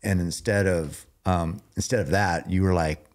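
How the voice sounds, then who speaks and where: A man hosting a podcast, talking in a calm, reflective way in a casual interview. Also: sits low, moderate pace. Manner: calm, reflective, gives short backchannel replies. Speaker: podcast host.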